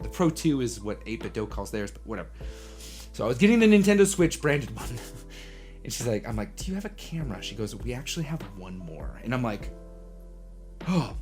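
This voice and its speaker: Lively young man telling a story. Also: medium pitch. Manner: animated, acts out voices in his story, drops to hushed asides. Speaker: coffee livestream host. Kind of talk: casual storytelling monologue.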